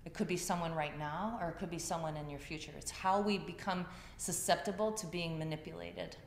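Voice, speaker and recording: A woman's voice: on the low side, fairly even intonation, a little fast, vocal fry, a little hiss or hum. A woman teaching a yoga class, talking to the group in a conversational storytelling way. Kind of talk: class talk. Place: class room. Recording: echoey room, faint ambience.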